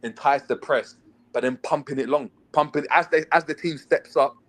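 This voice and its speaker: A man, chatting casually and telling animated stories about his football past. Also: fairly high pitch, normal speed, no echo. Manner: animated storytelling, mimics a shouting coach. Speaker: former footballer, podcast guest. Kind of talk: casual chat.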